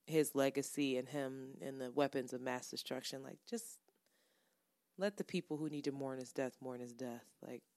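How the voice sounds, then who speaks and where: A woman co-hosting a podcast, chatting casually with profane, animated banter. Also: rumbling low, moderate pace, no echo, clean studio sound. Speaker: podcast co-host. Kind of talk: casual chat.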